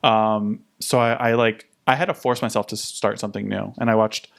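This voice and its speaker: A man co-hosting a podcast, chatting casually in a relaxed, rambling way with many fillers. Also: lowish voice, normal speed, vocal fry. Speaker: podcast co-host. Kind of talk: casual chat.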